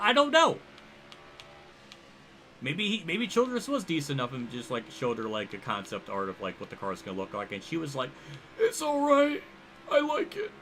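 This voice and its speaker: A young man livestreaming a racing game, rambling and thinking aloud as he reacts loudly to the action on track. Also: mid-range voice, slight background noise. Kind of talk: live gameplay commentary.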